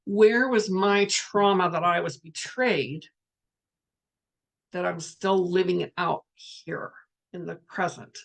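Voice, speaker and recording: A woman's voice: lowish voice, takes it slowly, creaky. A woman speaking as a spiritual coach in a casual livestream, talking frankly and chattily and reading viewer comments aloud.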